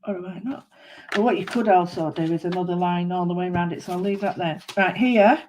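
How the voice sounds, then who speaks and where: A woman's voice: fairly low pitch, a little fast, darkish tone, slight background noise. Chatty woman crafting on camera. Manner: chatty, rambling, thinks aloud to viewers. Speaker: craft vlogger. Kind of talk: casual chat while doodling.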